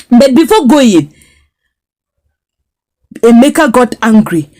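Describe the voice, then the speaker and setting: A woman retells and judges a drama series's latest episode. Her voice sits fairly high and swings widely in pitch as she presses her points with repetition. She sounds indignant and emphatic throughout. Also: very animated, a little slow, long pauses, a little mellow. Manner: indignant, emphatic, repeats phrases for force. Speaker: series reviewer. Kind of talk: storytelling recap and critique.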